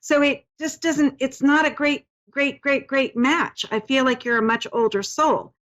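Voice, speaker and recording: A woman's voice: high-pitched, steady tone, a little slow, fairly bright tone, lo-fi sound. A woman hosting a call-in psychic reading, talking in a soothing, reassuring way with many fillers and restarts. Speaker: psychic medium host.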